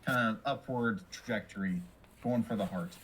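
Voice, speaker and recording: A man playing a tabletop game, calmly describing his character's actions. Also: fairly low pitch, moderate pace, a little hiss or hum, poor audio. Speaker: player. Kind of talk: casual tabletop play.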